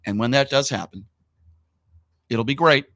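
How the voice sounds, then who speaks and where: Opinionated talk radio host, dry studio sound. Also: male voice, medium pitch, moderate pace, fairly bright tone, dry recording. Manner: emphatic, opinionated, repeats points. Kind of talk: casual talk radio banter.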